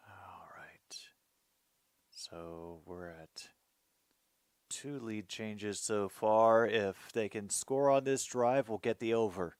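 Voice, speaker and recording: A man's voice: lowish voice, slow, clear, resonant tone, no echo, studio quality. A man hosting his own show, reacting casually to a football game as he watches, muttering to himself.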